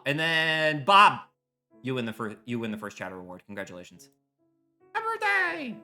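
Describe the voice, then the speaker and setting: A man streaming live while he bakes in a home kitchen, rambling and joking loudly with his viewers, his microphone set some way from his face. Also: medium pitch. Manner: loud, rambling, jokey, chatting with viewers. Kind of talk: casual chat while baking. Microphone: microphone set far from his face.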